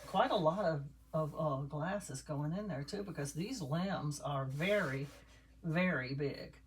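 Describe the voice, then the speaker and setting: In a deep voice at a measured pace, an older doll maker talks to her audience as she stuffs and puts together a handmade doll. The casual crafting vlog carries a little hiss or hum.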